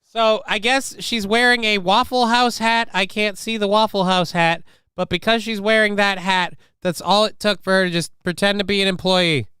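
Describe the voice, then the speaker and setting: A man's voice: high voice, steady tone, normal speed, pushed and bright, clear, resonant tone, no room sound, studio quality. A middle-aged man hosting a live stream, chatting casually, reading news and making sarcastic, rambling asides with mock-indignant questions. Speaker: live-stream show host.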